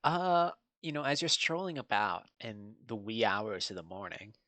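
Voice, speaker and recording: A game master narrating a tabletop game, asking halting, filler-heavy questions. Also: medium pitch, fairly bright tone, dry recording.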